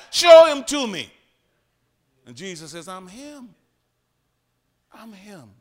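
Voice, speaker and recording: Male pastor, high and bright, dramatic sermon delivery. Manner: preaching with sudden swings from loud to hushed, acting out Bible voices.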